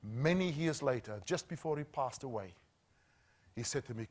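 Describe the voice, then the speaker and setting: Middle-aged man, mid-range voice, trainer telling a story with earnest, hushed pauses. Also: mid-range voice, expressive. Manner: earnest, dramatic pauses, dropping to a hush at key lines. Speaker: safety trainer.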